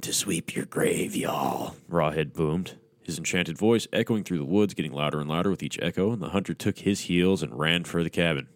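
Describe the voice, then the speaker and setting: A man with a very low voice reads a horror story aloud, breaking in with crude, mocking asides. The sound is close and dry, with no room around it. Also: fairly quick, hardly any pauses, no room sound. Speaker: podcast host. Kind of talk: sardonic horror story reading.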